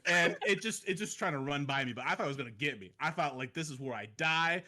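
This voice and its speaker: A man in his thirties telling a story in casual podcast chat, animated and acting out the voices in it. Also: on the high side, quick pace. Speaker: podcast guest.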